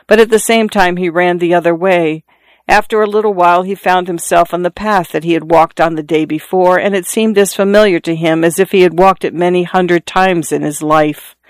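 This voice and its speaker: Measured literary story reader. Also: mid-range voice, clear, resonant tone, dry recording. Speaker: narrator. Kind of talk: audiobook reading of a literary story.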